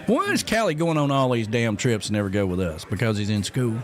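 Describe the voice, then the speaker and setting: A man's voice: brisk, faint music behind. A man with a New Jersey accent hosting a radio show, chatting casually and joking with his co-hosts. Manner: chatty, jokey, lively pitch swings. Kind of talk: casual on-air chat.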